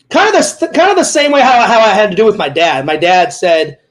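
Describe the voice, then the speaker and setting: A man's voice: sits high, animated, fast, hardly any pauses, low-quality recording. A man hosting a casual interview, rambling through personal stories and acting out what others said, often repeating himself. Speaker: host. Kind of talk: casual chat.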